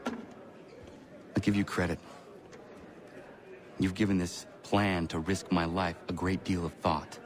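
An actor playing a stern, blunt young assassin stuck in prison, in a video game cutscene. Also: male voice, low-pitched, slow pace, pauses often. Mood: skeptical. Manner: terse, blunt, steady.

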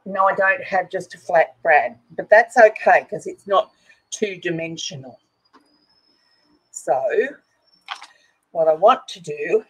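A woman's voice: on the low side, slow pace, long pauses, husky, low-quality recording. A woman chatting casually to viewers and herself while she works on a craft project. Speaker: craft video host.

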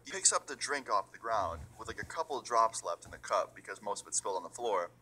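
A young man tells a storytime vlog in a chatty way, swearing and acting out what people said. His fairly low voice is husky, pushed and bright, animated and fast.

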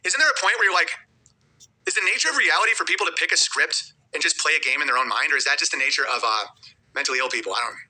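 A man's voice: fairly high pitch, rapid-fire, sharp tone. A man talking on a livestream in a rambling, muttering way, reading viewer chats aloud between thoughts.

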